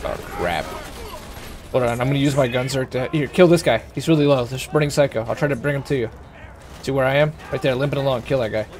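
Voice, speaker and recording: A man's voice: mid-range voice, quick pace, slight background noise. Chatty male game streamer. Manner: chatty, coaching a teammate through fights. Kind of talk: casual gameplay commentary.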